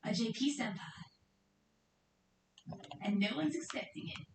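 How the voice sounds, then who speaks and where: A woman's voice: on the high side, animated, measured pace, pauses often, far from the mic, noisy background. Chatty woman streamer in an echoey room. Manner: rambling, chatty, giggly. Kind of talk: casual chat.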